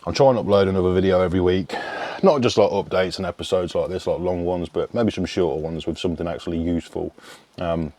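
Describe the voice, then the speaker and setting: Very low-voiced rambling man. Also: fairly even intonation, fast talker, mellow, no echo. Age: 30s. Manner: rambling, frank, casual swearing. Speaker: fitness coach. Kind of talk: casual vlog chat.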